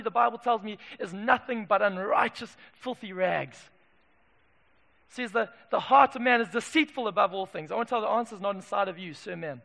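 Male pastor, high and bright, emphatic and punchy, booming hall reverb. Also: creaky. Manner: emphatic, swings from loud declarations to quiet asides. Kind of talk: sermon. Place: church.

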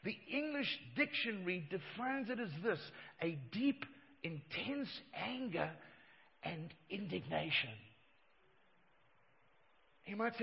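High-voiced preaching man, emphatic. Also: lively intonation, a little slow, vocal fry, pauses often. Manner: emphatic preaching, swings from loud to hushed. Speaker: pastor. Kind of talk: sermon. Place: church hall. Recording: dull church hall reverb.

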